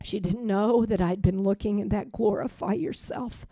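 A woman preaching, telling a spiritual testimony in an earnest storytelling way, sometimes trailing off quietly. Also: medium pitch, moderate pace, no room sound. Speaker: prophetic speaker. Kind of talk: sermon testimony.

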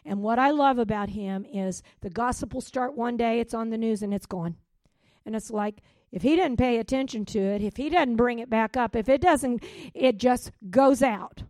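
A woman preaching a sermon with passion, swinging from loud rising calls to hushed, quiet drops. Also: fairly high pitch, normal speed, no echo. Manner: impassioned, with sudden loud rises and hushed drops.

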